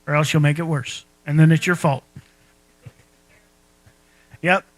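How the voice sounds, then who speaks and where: A man's voice: a little high, little pitch movement, measured pace, no room sound, low-quality recording. A man preaching a sermon in a folksy, conversational way, asking his listeners rhetorical questions. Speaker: pastor.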